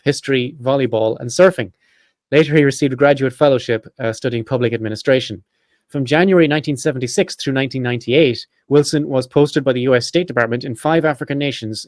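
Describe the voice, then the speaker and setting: A man hosting a podcast, reading a prepared script quickly with chatty asides and self-corrections. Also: mid-range voice, dry recording, studio quality. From Ireland. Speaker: podcast host.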